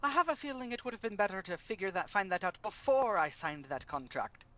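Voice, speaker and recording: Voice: medium pitch, very animated, fairly quick, fairly bright tone, no room sound, muffled recording. A player voicing a dry-witted male halfling adventurer, talking wryly, from far off the mic. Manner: wry, dry humor.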